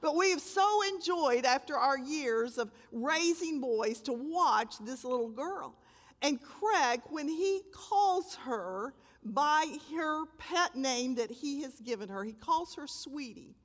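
An older woman preaching a sermon, telling the story dramatically and with emphasis, swelling loud and dropping to a hush. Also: high voice, animated, slow. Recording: long hall reverb.

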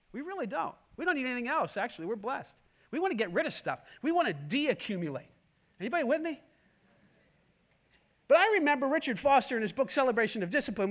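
High-voiced preacher with emphatic delivery. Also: male voice. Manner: emphatic, swings between loud and hushed, many rhetorical questions. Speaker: pastor. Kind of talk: sermon.

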